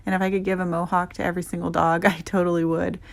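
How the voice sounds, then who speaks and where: A young adult woman, a dog groomer, giving gentle, chatty voice-over narration that explains her work. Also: lowish voice, level tone, quick pace, creaky.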